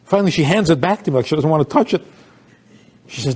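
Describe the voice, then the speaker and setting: Older male rabbi, husky voice, lively pitch, chatty storyteller with rhetorical questions. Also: quick pace. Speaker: rabbi giving a talk. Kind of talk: informal talk to an audience.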